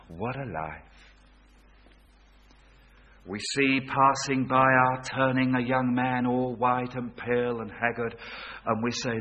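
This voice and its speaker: Male preacher with a bright, forceful tone, dramatic swings in loudness, muffled lo-fi recording. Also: medium pitch. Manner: dramatic, swings from hushed to loud and back. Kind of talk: sermon. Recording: dull lo-fi recording.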